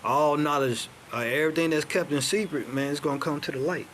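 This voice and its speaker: A man's voice: fairly high pitch, a little fast, a bit bright, slight background noise. Casual man quizzing listeners with "all right?". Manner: peppers talk with "all right?", "man" and "see that?"; rhetorical questions answered himself. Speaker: self-styled teacher. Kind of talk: informal teaching, reading documents aloud.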